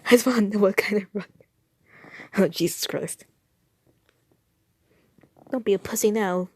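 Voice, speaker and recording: A woman's voice: medium pitch, measured pace, a little mellow, husky, dry recording. A woman reacting to fanfiction she reads aloud, exasperated, sighing and swearing. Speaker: fanfiction reader.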